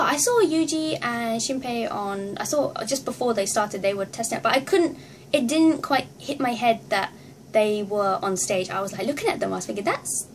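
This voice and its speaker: Excitable woman vlogger, higher voice. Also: slight background noise. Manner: excitable, acts out her own reactions with squeals and laughs. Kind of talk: casual storytelling to camera.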